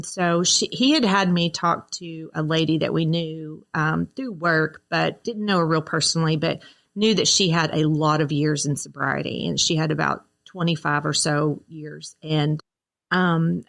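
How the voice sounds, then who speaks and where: A woman talking as a podcast guest, telling her recovery story in an earnest, reflective, halting way and acting out her own past words. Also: on the low side, vocal fry, fairly bright tone. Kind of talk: personal recovery story in conversation.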